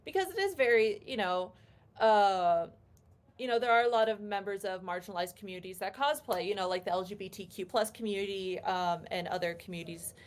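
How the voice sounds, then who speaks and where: A woman's voice: medium pitch, brisk. A young adult woman, a cosplayer guest, answering interview questions casually and filling her speech with "like" and "um". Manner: chatty, peppered with "like" and "um" fillers.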